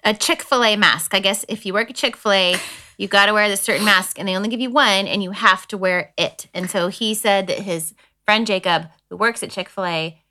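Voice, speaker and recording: A woman in her thirties chats on a podcast in an easygoing, measured way. Her voice is bright and clear, and her pitch sits in an ordinary middle range. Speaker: podcast guest co-host. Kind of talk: casual chat.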